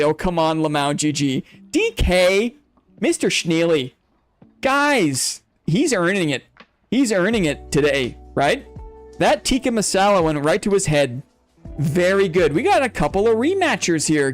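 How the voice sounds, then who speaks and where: A man hosting a live game stream, playfully teasing his chat and calling in-game fights like an announcer. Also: high-pitched. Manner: builds hype like a fight announcer.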